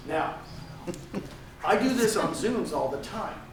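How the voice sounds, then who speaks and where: A man's voice: fairly high pitch, lively intonation, normal speed, long pauses, a little hiss or hum. An older man giving an emphatic motivational talk to a live audience, repeating phrases for effect. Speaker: conference speaker. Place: large conference room. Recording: echoey hall, mic at a distance.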